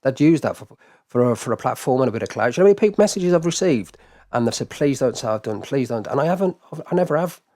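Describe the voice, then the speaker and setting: A man hosting a live stream rants to his chat in a casual, heated way, repeating himself and swearing often while talking straight to viewers. His voice is a little high and warm, with lively intonation, and he races along.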